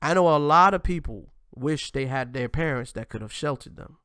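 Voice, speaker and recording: A man's voice: medium pitch, normal speed, smooth, no room sound. A man hosting his own online show, talking off the cuff in a mid-range voice. He keeps tacking "man" onto his lines and often stops to restart a thought. The recording is close and dry, with no room sound. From United States. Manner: animated, repeats "man" at ends of lines, frequent restarts. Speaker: host. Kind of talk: casual commentary monologue.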